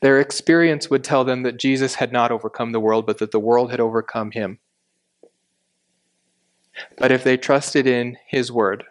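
A man delivers an expository sermon at an even, deliberate pace. He explains scripture point by point and leans on the words he wants to stress. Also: mid-range voice. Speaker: Bible teacher.

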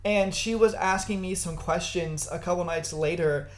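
A man co-hosting a podcast, telling stories in an animated, casual way and swearing now and then. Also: sits high, normal speed. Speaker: podcast co-host. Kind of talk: casual storytelling chat.

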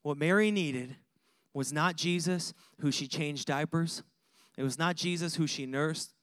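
High-voiced animated male preacher. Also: unhurried, no room sound, studio quality. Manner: animated, conversational preaching with laughs and repeated lists. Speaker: pastor. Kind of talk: sermon.

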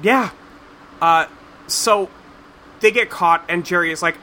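A man's voice: on the high side, normal speed, long pauses, pushed and bright, a little hiss or hum. A man recapping a cartoon episode in casual chat, rambling and profane, with lots of fillers. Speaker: podcast host recapping a cartoon.

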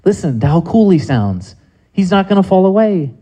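A man voicing an adoring male listener in an early church, who talks in a hushed, then excited, way about his hero. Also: sits high, normal speed, breathy edge, lo-fi sound, pitched above the performer's own voice, exaggerated voice. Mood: admiring.

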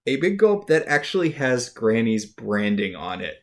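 A podcast co-host speaking at an ordinary middle pitch in casual recap chat. The delivery is dry and wry, with understated jokes. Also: big pitch swings, moderate pace.

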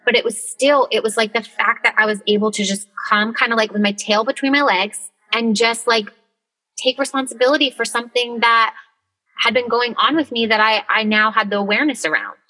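A woman's voice: on the high side, fairly even intonation, brisk, sharp tone, low-quality recording. A woman co-hosting a podcast, talking in a candid, emotional way, full of filler words and swearing freely, recorded from a closet. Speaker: podcast co-host. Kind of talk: casual conversation.

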